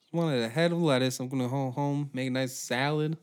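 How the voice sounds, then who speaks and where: A man's voice: medium pitch, steady tone, a little fast, clean tone. A man hosting a podcast, ranting through a sarcastic, profane comedic monologue. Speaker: podcast host.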